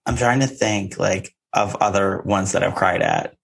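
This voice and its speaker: A man's voice: deep voice, a little slow, gravelly. A man co-hosting a podcast, chatting campily and playfully about reality TV. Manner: animated and campy, playful banter. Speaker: podcast co-host. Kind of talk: casual chat recapping reality TV.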